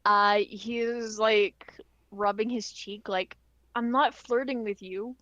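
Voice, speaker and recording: A woman's voice: medium pitch, fairly even intonation, takes it slowly, a bit bright, dry recording, lo-fi sound. A woman playing in a tabletop game, talking in a giggly, hesitant way. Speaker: player.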